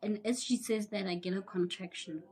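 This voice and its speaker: A young South African woman telling a personal story in a casual, animated way, acting out the people she quotes and sometimes dropping into a whisper. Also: mid-range voice, a little fast, slightly rough. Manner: animated, acts out quoted voices, drops into whispers. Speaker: YouTuber.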